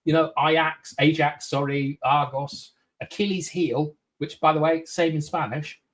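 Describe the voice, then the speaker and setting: A man guest in a casual film review chat, jokey and quick with tangents, swearing freely. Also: a little high, fairly even intonation.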